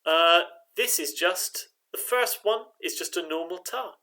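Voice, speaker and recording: A man's voice: sits high, bright, forceful tone. A man leading a choir rehearsal, patiently teaching rhythm and chanting the beats for singers to repeat. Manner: patient, clapping out rhythms with drawn-out syllables. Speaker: choir director.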